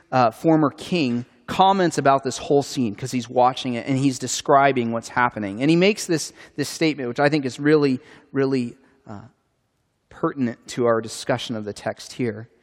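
A man's voice: mid-range voice, moderate pace, long reverb tail. A man preaching a sermon in an earnest, conversational way, with a few restarts, in a church sanctuary. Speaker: pastor.

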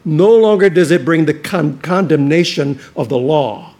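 Earnest preaching man, slightly high voice. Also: expressive, moderate pace. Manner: earnest, emphatic preaching with repeated restarts, dropping to quiet intensity. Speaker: pastor. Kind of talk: sermon.

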